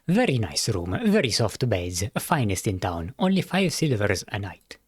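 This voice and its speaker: A man voicing a courteous, boastful male cat-person innkeeper in a game, speaking slowly and formally with repetitive sales patter. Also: fairly low pitch, sing-song, breathy edge, no echo, studio quality, pitched below the performer's own voice. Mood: welcoming. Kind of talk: reading game dialogue aloud.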